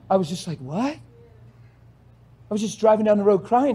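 Male preacher, fairly high voice, animated storytelling, loud exhortations and quiet asides, laughs mid-story. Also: quick pace, pauses often, husky. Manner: laughs while telling stories. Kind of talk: sermon.

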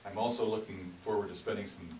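Very low-voiced older mayor, distant hiss. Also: male voice, fast. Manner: relaxed, enthusiastic, repeats words. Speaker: mayor, interview guest. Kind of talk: casual radio interview. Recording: roomy, distant mic with clear hiss.

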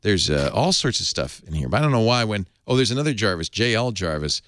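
Low, lively-voiced male talk show host. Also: fast, no echo, clean studio sound. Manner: chatty, reads ad copy with restarts and asides. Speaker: podcast host. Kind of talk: casual tech talk show banter.

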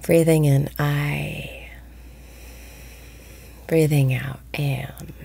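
A woman guiding a meditation, speaking slowly and softly, often breathy and whispered. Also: sits low, fairly even intonation. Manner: slow, soft-spoken, often breathy and whispered. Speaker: meditation guide. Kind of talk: guided meditation.

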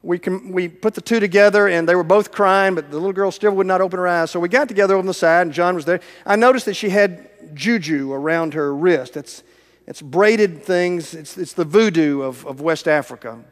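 Preacher in a reverberant church. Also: male voice, sits high, normal speed. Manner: dramatic storytelling that swings from loud to hushed, almost whispered. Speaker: evangelist preaching. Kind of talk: sermon. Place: large church sanctuary.

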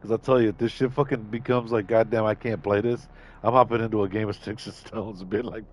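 A man's voice: lowish voice, steady tone, a little fast. A man streaming a shooter game live, cursing and trash-talking his opponents. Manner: profane trash talk, shouts at enemies. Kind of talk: live gameplay commentary.

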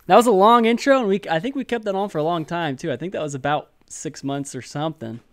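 A man co-hosting a podcast in casual chat, laid-back and pausing often with fillers. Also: sits high, dry recording, clean studio sound. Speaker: podcast co-host.

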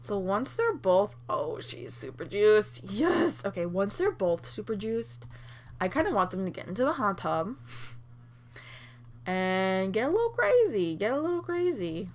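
A young woman hosting a Let's Play, reacting with excited laughs and swearing as she plays. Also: medium pitch, unhurried. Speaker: gaming channel host.

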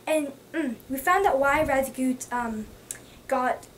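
Young woman, high voice, excitable and gushing, slightly distant mic with faint noise. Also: slow pace. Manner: gushing, excitable, lots of fillers. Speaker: book vlogger. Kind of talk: casual book review.

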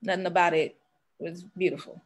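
Young woman, podcast guest, earnest testimony, holding back tears, halting phrases. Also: fairly low pitch, fairly even intonation. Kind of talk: emotional personal testimony.

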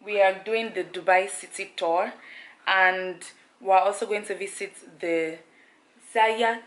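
A woman's voice: mid-range voice, steady tone, slow, a little hiss or hum. A young woman from Nigeria chatting playfully to her handheld camera as she shows off her hotel room and tour day. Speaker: travel vlogger. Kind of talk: casual vlog narration.

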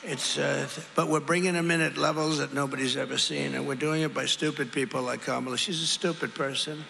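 Older man rambling at a rally, gravelly. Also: a little high, fairly even intonation, brisk. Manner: rambling, repetitive, ad-libbing to the crowd. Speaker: politician at a campaign rally. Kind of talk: campaign rally speech. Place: large arena rally. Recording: long reverb hall, crowd noise. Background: crowd and hum.

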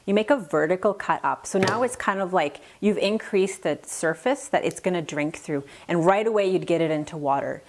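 Woman florist, hands-on tutorial, practical tips, slightly low voice. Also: moderate pace, few pauses. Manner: friendly, practical, explains step by step with tips. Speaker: florist instructor. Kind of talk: demonstration tutorial. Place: flower shop work table.

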